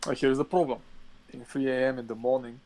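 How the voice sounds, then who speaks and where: A man co-hosting a casual podcast, telling an animated, swear-filled rant. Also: medium pitch, fairly quick. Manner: profane animated ranting storyteller. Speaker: podcast co-host.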